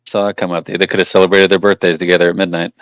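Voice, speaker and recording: A man's voice: sits low, little pitch movement, rapid-fire, no echo. A young man co-hosting a podcast, telling stories in casual, profane chat and laughing often. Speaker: podcast co-host.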